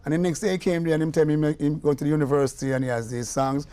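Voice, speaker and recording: With a slightly high voice and a quick pace, this older musician speaks in a Jamaican accent as a guest in a relaxed interview. The producer brings his anecdotes to life, performing the quoted lines of the people in them.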